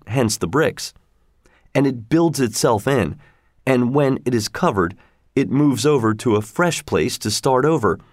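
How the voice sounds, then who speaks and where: A man's voice: mid-range voice, no echo, studio quality, close to an everyday voice. A man as an earnest explorer explaining. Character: seasoned male space explorer telling his tale. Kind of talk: audiobook character voice.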